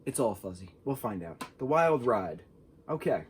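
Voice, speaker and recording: A man's voice: medium pitch, very animated, moderate pace, slight background noise. A young man casually reviewing a film, rambling and filling his talk with "like". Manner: rambling, says "like" a lot.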